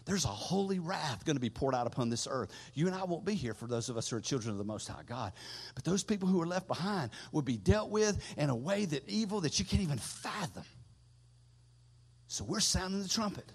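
A middle-aged man preaching a sermon as pastor, swelling loud and high, then dropping low. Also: expressive, brisk, slightly rough. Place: church sanctuary. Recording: long echo from a big hall.

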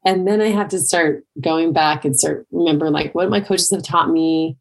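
Middle-aged woman coach, low husky voice with some fry, chatty motivational talk. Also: fairly quick, few pauses. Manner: conversational, with many "like" and "right?" asides. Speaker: triathlon and life coach. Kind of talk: motivational monologue.

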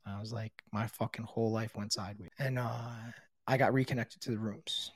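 A man's voice: fairly low pitch, steady tone, fairly quick, husky, no echo. A middle-aged man candidly telling his own recovery story, blunt and swearing freely, with lots of casual fillers.

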